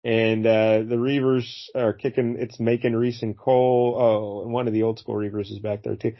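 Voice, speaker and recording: A man's voice: on the low side, little pitch movement, moderate pace, muffled recording. A man hosting a casual comic book review, talking in a rambling way with many fillers and restarts. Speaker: podcast host.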